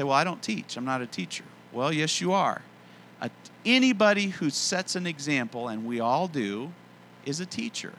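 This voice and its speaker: A middle-aged man preaching a sermon in an earnest, conversational way, slowing down to stress key phrases. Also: on the high side, pushed and bright, a little hiss or hum. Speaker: pastor.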